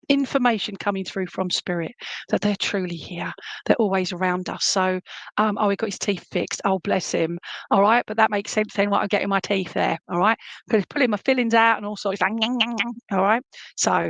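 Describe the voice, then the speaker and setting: Woman, live psychic reading, chatty, animated, hums snippets of songs, dry close sound. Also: mid-range voice, no room sound. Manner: chatty and animated, hums tunes and relays messages to the viewer. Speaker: medium giving live readings.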